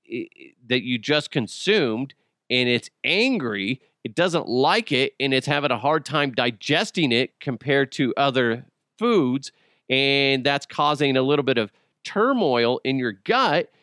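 A man's voice: mid-range voice, a bit bright, dry recording, studio quality. A man hosting a podcast alone, joking crudely and riffing in a casual comic monologue. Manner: joking, crude, puts on silly voices. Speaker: podcast host.

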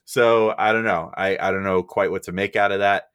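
A man's voice: sits low, steady tone, normal speed, fairly bright tone, smooth, no echo, clean studio sound. A man hosting a casual podcast, rambling and joking, laughing easily as he moves between topics. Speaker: podcast host.

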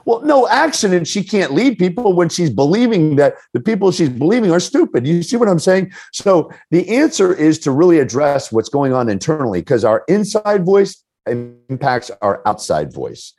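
A middle-aged man talks as a guest on a podcast, explaining leadership through anecdotes. His pitch swings widely as he acts out quoted people, with a lively storyteller's manner. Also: normal speed, hardly any pauses, breathy edge. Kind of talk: podcast interview answers.

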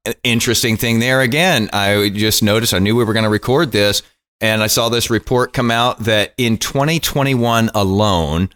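A man's voice: lowish voice, normal speed, fairly bright tone. A man co-hosting a podcast, chatting casually and teasing the guest in a joking way. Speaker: podcast co-host. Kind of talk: casual chat.

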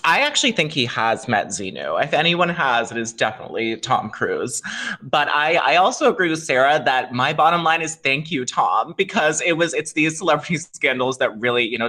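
A man's voice: medium pitch, sharp tone. A man co-hosting a gossip podcast, wry and joking as he steers the talk. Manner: wry, joking, leads topic changes. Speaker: podcast co-host. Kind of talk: casual celebrity gossip chat.

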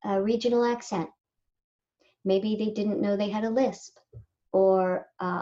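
A woman voice actor from Southern California talking casually in an interview, animated and quick to mimic people. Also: mid-range voice, muffled recording. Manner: animated, slips into lively mimicry of others. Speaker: voice actor guest.

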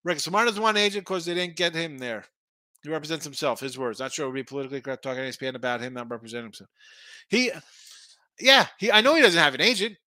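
A man's voice: medium pitch, racing, bright, forceful tone, dry recording. A middle-aged man hosting a sports betting show, rambling through picks and opinions with frequent restarts. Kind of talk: casual sports betting talk.

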